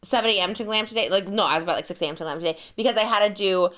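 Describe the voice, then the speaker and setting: A woman's voice: medium pitch, racing. A woman in her thirties hosting a podcast, chatting casually and laughing often. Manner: bubbly, laughs often, animated. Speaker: podcast host. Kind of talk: casual chat.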